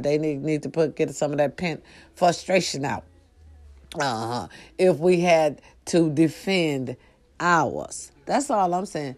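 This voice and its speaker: Lower-voiced woman ranting emphatically to followers. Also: slow. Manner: emphatic, preachy, profane, swings from low murmurs to loud outbursts. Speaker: vlogger addressing followers. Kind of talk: casual direct-to-camera monologue.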